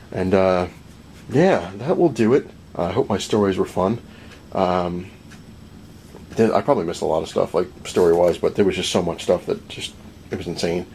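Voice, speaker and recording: Low-voiced man rambling about comics. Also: moderate pace, creaky, long pauses, a little hiss or hum. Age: adult, married. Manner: rambling, animated retelling with many "he's like" quotes and laughs. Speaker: comic collector vlogger. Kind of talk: casual storytelling vlog. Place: home room full of comic collectibles.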